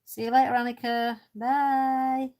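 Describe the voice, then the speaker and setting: A woman's voice: high voice, little pitch movement, unhurried, a little mellow. A woman chatting casually during a colouring live stream, reading out and answering viewers' comments with easy, self-deprecating humour. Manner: self-deprecating, laughs easily. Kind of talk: casual chat while colouring.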